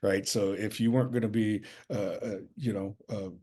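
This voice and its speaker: A man hosting a podcast interview, thoughtful and affirming, speaking with halting fillers. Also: fairly low pitch, steady tone, dark tone, slightly rough. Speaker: podcast host.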